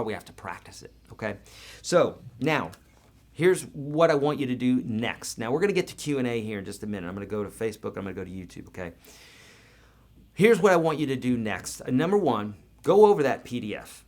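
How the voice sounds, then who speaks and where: A man teaching guitar in a live online lesson, talking casually and encouragingly with everyday comparisons. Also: on the low side.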